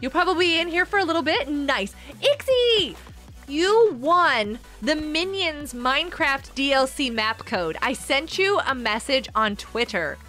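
A woman's voice: high voice, expressive, normal speed, few pauses, pushed and bright, soft background music. A woman hosting her own game server on a live stream, chatting casually with viewers, bubbly and giggly, reading their messages aloud.

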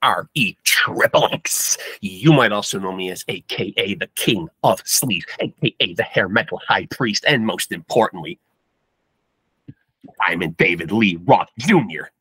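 Guy hosting a comedy podcast, big hammy showman patter, bright voice. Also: low voice, animated, a little slow, husky, no echo. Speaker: podcast host.

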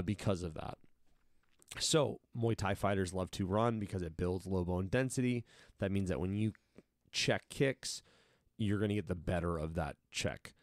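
A man's voice: low-pitched, dry recording, clean studio sound. A man coaching fighters, telling long casual stories and acting out what he and others said. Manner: animated, acts out quotes of himself and others. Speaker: combat sports coach. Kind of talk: casual storytelling in an interview.

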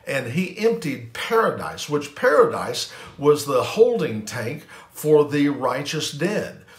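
A man's voice: fairly high pitch, big pitch swings, slow pace, reverberant. A pastor giving an emphatic sermon, repeating phrases and restarting lines as he preaches.

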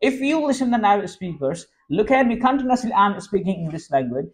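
A Pakistani-accented man whose speaking voice sits high for a man teaches English in an informal lesson. His first language is Sindhi, and he keeps reassuring his students, repeating himself and restarting sentences as he goes. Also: very animated, brisk. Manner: reassuring, repetitive, frequent restarts.

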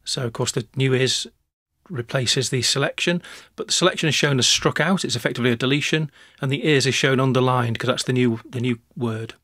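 Man talking through a software tutorial. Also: mid-range voice, brisk, no echo, studio quality. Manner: relaxed, talks through each step with small restarts. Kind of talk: screencast tutorial narration.

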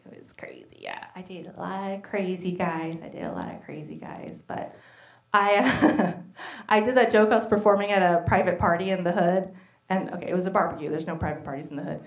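A woman performing a stand-up comedy set, animated and quick to act out the people in her stories. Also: fairly low pitch, roomy sound, slight background noise. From United States. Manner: animated, acts out voices in quoted bits. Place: comedy venue stage.

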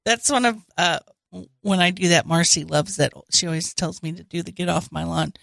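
A woman co-hosting a comedy podcast, telling stories in a deadpan way during casual banter. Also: fairly low pitch, moderate pace, gravelly, no echo, studio quality. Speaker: podcast co-host.

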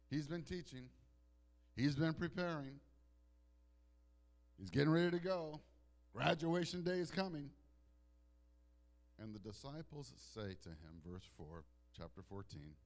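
In a church sanctuary, a male pastor delivers a sermon that swings between loud declarations and hushed, slow passages, frequently repeating words as he restarts phrases. His voice is fairly high.

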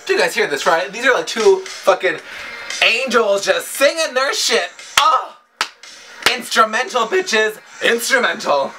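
A man's voice: high voice, moderate pace. Gushing, profane young man reacting to music. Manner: gushing, profane, squealing with excitement. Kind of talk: over-the-top reaction vlog.

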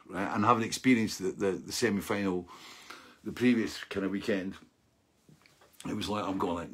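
A Scottish man chatting casually as host of his stream, rambling and animated, laughing often as he talks. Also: lowish voice, moderate pace, husky. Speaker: livestream host. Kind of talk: casual storytelling chat.

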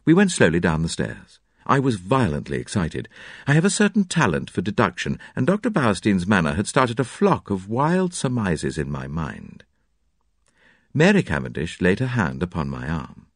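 A man narrating a classic detective story with an expressive, varied delivery. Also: low-pitched, normal speed, no echo, clean studio sound. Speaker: audiobook narrator.

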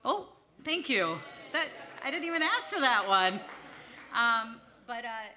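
A woman's voice: fairly high pitch, big pitch swings, unhurried, pushed and bright, a little hiss or hum. A woman doing a stand-up comedy set on a small theater stage, talking in a chatty, self-mocking and slightly nervous way into a stage mic. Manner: nervous, chatty, laughing at herself. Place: small theater stage before a live audience. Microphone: handheld stage mic.

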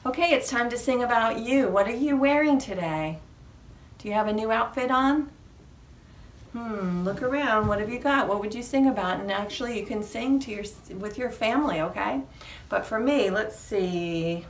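A woman with a New England accent leading a preschool storytime at a library, animated and sing-song, with high squeals on reveals. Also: normal speed, a little hiss or hum. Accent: New England American. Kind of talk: preschool storytime with rhymes and songs. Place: library room. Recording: echoey room, mic at a distance.

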